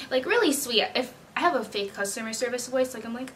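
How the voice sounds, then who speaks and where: A young woman with a slightly high voice tells a storytime straight to camera. She talks in a chatty, slangy way and acts out both sides of each exchange. There is a faint hiss of room noise behind her. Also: brisk, fairly bright tone. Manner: chatty slangy storytelling, acting out quoted customers. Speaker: vlogger and retail worker. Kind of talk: casual storytime chat.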